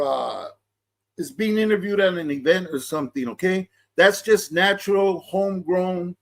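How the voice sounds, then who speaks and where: A middle-aged man giving casual commentary, in laid-back street talk full of slang and restarts. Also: sits high. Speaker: vlogger reacting to a clip.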